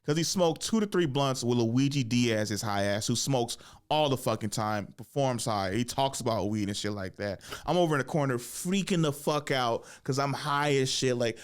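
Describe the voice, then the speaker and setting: A young man hosting a podcast, telling a casual comedy story, swearing freely and jumping into high voices when he acts out what people said. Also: moderate pace, few pauses, smooth. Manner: animated, swears often, acts out quotes with big pitch jumps. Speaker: podcast host and stand-up comedian.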